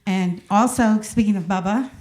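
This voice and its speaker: A woman's voice: mid-range voice, moderate pace, darkish tone. Chatty New York woman in her sixties. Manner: chatty, rambling, laughs at her own jokes. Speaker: stand-up comic. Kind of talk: stand-up comedy set. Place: comedy club stage.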